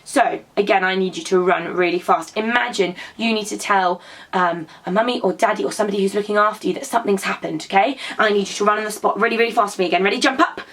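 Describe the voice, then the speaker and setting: A woman who teaches drama to young children, telling a story and prompting them to act it out in an animated, encouraging way. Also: mid-range voice, fast.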